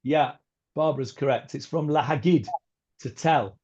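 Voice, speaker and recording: Chatty rabbi with a dull lo-fi sound. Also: male voice, fairly high pitch, moderate pace, a little mellow, slightly rough. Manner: chatty, hesitant, many fillers and restarts; mixes in Hebrew words and verses. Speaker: rabbi teaching a Bible class. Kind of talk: informal class lecture. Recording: dull lo-fi recording.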